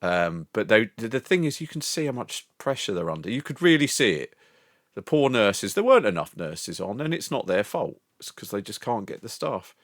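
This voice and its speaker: A man's voice: lowish voice, big pitch swings, normal speed, no echo, clean studio sound. Rambling, sweary older man. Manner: rambling and sweary, laughs often. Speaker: live streamer. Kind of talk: casual chat with live chat.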